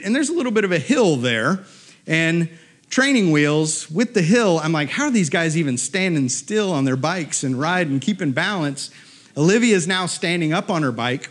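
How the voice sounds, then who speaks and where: Casting: middle-aged male storyteller, slightly high voice, lively and animated, acts out the voices of people in his story. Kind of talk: live storytelling talk. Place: stage in a storytelling venue.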